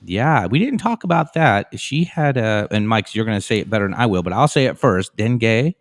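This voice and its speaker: Low-voiced man in dry, rambling chat. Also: animated, fairly quick, no room sound. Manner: rambling, storytelling, with many fillers. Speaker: co-host of a live stream. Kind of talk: casual chat.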